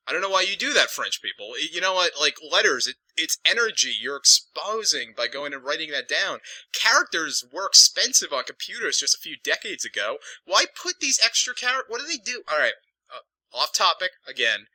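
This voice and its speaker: A man's voice: on the high side, big pitch swings, moderate pace, pushed and bright, dry recording, poor audio. A man reviewing films in a casual, digressive, profane ramble. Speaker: film reviewer.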